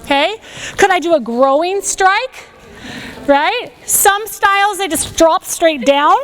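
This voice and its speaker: A woman teaching a self-defense class on a body microphone, giving energetic step-by-step commands and checking in with "okay?" after each one. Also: extremely high pitch, slow. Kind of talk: classroom instruction. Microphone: wearing a microphone.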